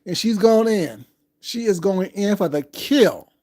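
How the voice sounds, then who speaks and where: A man's voice: sits high, sing-song, measured pace, a little mellow. A man hosting a casual livestream, talking in a sassy, drawling way and calling his listeners baby. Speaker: livestream commentator.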